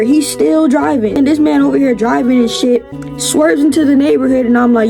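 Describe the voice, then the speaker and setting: A young adult woman telling a storytime vlog story, animated, exclaiming and swearing freely. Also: sits high, moderate pace, gravelly. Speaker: vlogger. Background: background music.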